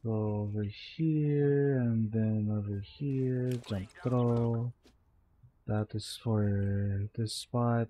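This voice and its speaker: A man's voice: fairly low pitch, fairly even intonation, drawn-out words, mellow, a little hiss or hum. A sleepy young man with a Filipino accent, mumbling to himself as he streams a game. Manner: mumbling to himself, code-switching into Tagalog. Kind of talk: casual gameplay commentary.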